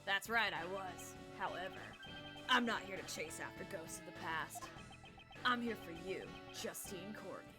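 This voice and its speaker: A brash young male investigator, as a woman puts him on, with a put-on Southern drawl. He talks cocky and self-assured. Game music runs clearly beneath him. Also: mid-range voice, normal speed, lightly acted. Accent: put-on American Southern. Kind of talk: voicing game dialogue.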